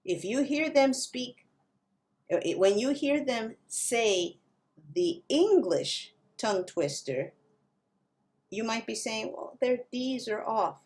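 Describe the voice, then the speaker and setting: A woman teaching Spanish pronunciation, slowly modeling words for learners to repeat. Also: a little high, lively intonation, a little mellow. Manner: slow, careful modeling of pronunciation. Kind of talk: language lesson.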